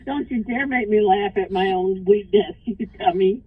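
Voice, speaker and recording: A woman's voice: mid-range voice, moderate pace, a crowd in the background. A woman calling in to a livestream, talking bluntly and casually, swearing and laughing often. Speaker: caller. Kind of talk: casual phone call on a livestream. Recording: phone line.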